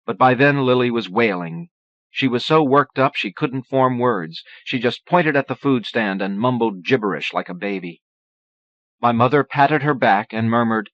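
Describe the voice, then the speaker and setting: A man narrating an audiobook reads steadily and deliberately in a low voice. The recording is dry, with no echo or room sound, and its muffled lo-fi quality is reminiscent of old cassette tapes.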